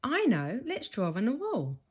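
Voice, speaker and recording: A woman voicing a mischievous young boy who schemes sweetly and protests loudly. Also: on the high side, wildly swooping pitch, unhurried, slightly rough, lo-fi sound, voice pushed up, heavily acted. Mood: scheming.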